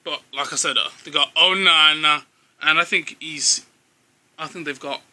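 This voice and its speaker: A man's voice: fairly high pitch, normal speed, pushed and bright. A young man co-hosting football banter with his dad, teasing and quizzing him and swearing freely. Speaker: co-host, son.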